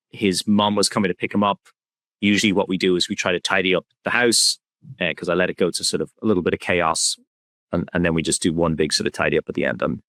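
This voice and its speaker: A man with a very low, deep voice speaks as a podcast guest, soft-spoken and candidly reflective. The recording is dry and close, with no room sound. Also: no room sound. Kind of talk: reflective conversational interview.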